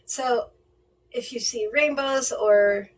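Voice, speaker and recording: A woman medium gives a reading on a video call, her voice pitched a little high and coming from a bit away from the mic. She talks gently and reassuringly, but hesitantly, with frequent ums and self-corrections. A faint hiss of noise sits under the livestream audio. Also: takes it slowly, recorded from a distance, poor audio. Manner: hesitant, many fillers and restarts.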